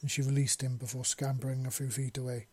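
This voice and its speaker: A man narrating a story in a steady storytelling manner. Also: medium pitch, fast, husky, no room sound. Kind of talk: audiobook narration of fan fiction.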